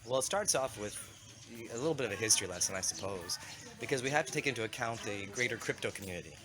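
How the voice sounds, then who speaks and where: A man with a lowish, expressive voice talks fast while walking outdoors through town toward a river for a vlog. He has a cold and rambles casually, conversational and self-correcting, as the vlogger and community founder he is. Outdoor street noise is clearly audible.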